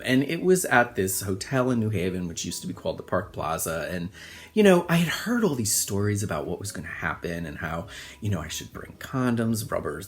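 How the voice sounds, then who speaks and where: A middle-aged man telling a personal story as host, rambling and self-mocking with lots of fillers. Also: on the low side.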